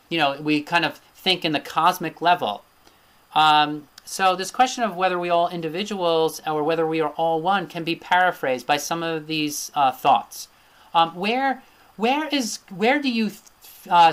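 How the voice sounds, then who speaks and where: A man's voice: fairly high pitch, a bit bright. Man lecturing with fillers and tag questions. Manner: thinking aloud, with frequent fillers and "right?" tag questions. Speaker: Ayurveda teacher. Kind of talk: recorded lecture with slides.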